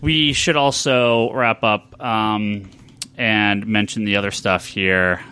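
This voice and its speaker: A man's voice: on the low side, fairly even intonation, slow, pushed and bright, clear, resonant tone. A man hosting a comics podcast in casual chat, reading a long list of backer names and stumbling over some of them. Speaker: podcast host.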